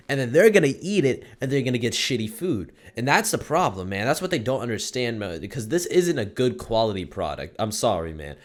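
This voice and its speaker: A young man gives a casual commentary rant, rambling and profane, full of slang fillers. His middle-pitched voice swings from loud bursts to low mutters. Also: very animated, brisk, few pauses. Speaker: commentary streamer.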